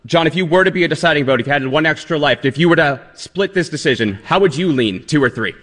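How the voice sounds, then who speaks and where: A man's voice: a little high, lively intonation, fast talker, fairly bright tone, long reverb tail. Chatty young-sounding radio producer man. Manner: chatty, explaining with many fillers. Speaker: radio show segment producer. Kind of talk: casual radio banter.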